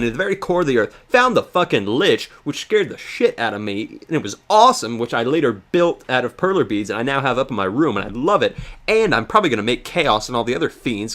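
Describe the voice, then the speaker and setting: A man casually recapping a video game in a rambling, profane, excitable rant. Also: medium pitch. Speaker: let's play host.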